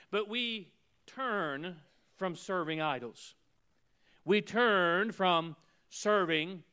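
A male pastor preaching a sermon, emphatic and repetitive, swinging between loud declarations and hushed lines. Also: on the high side, clear, resonant tone. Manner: repeats phrases in rhythmic runs.

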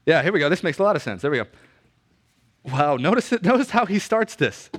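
Conversational, slightly high-voiced male preacher. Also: very animated, brisk, fairly bright tone, breathy edge. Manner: conversational preaching, rising intensity on key points. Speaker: pastor. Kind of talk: sermon.

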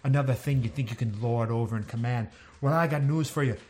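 Casting: foul-mouthed heel wrestler cutting a promo, mid-pitched, menacing, played by a man. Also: fast talker, darkish tone, close to an everyday voice. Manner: growling threats, heavy swearing. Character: trash-talking male heel wrestler, menacing.

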